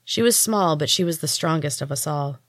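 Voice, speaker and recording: A woman narrating a story in the first person, in an even, measured reading as a podcast host. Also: deep voice, dry recording, clean studio sound.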